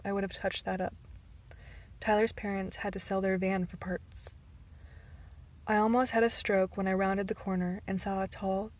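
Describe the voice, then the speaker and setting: A woman reading a novel aloud as an amateur audiobook, in careful first-person narration that sometimes stumbles and sometimes drops to a soft whisper. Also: mid-range voice.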